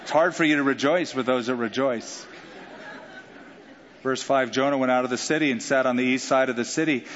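A man preaching a sermon in an animated way, joking and acting out quotes. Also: medium pitch, fairly quick, a faint crowd, a little hiss or hum. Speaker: pastor. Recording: dull sound with long hall reverb.

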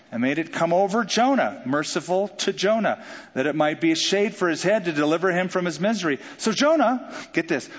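Male pastor, animated sermon delivery, slightly high voice, dull recording. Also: breathy edge. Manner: animated preaching with jokes and acted-out quotes. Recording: dull sound with long hall reverb.

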